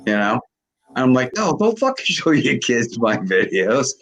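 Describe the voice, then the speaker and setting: A man in his sixties with a gravelly voice, rambling and swearing constantly in casual chat. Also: medium pitch, very animated, measured pace, a bit bright, soft background music, rough recording. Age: 60s. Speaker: video creator on a live call.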